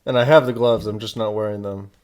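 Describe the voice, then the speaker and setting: A man's voice: lowish voice, fairly even intonation, fast, darkish tone. Joking man co-hosting a podcast. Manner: joking, playful, bursts into silly voices. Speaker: podcast co-host. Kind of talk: casual chat.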